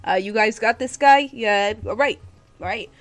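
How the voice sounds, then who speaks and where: A woman's voice: fairly high pitch, pitched above the performer's own voice, lightly acted. Woman voicing a jittery little gnome barkeep. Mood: excited. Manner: rapid, upbeat, filler-heavy. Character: jittery small male gnome tavern keeper.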